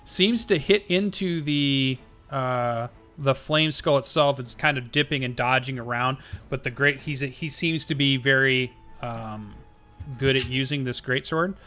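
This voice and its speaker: A man narrating as game master of a tabletop game, slow and halting, with many fillers. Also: mid-range voice, pushed and bright, soft background music.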